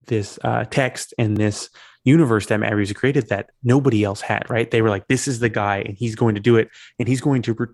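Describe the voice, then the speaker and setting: Co-host: eager man, low-pitched, talks fast, close dry mic. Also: no echo. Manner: animated, quick explaining, demonstrates voices. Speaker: podcast co-host. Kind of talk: casual film discussion.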